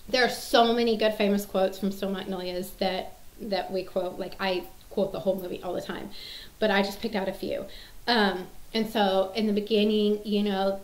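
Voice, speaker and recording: A woman's voice: medium pitch, echoey room, low-quality recording. A woman in her thirties chatting casually to camera, rambling with many fillers and restarts. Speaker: mom sharing favorite movie quotes.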